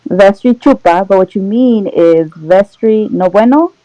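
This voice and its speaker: A woman's voice: medium pitch, unhurried, mellow, no echo, muffled recording. A woman chatting casually in a group talk, plain-spoken and laid-back, who slips into Spanish at times. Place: home.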